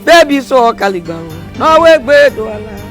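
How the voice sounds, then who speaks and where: A man voicing an old village herbalist priest in a comedy skit, chanting and laughing loudly as he gives his remedy. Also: very high voice, big pitch swings, normal speed, heavily acted. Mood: mystical. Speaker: spiritual healer. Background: music.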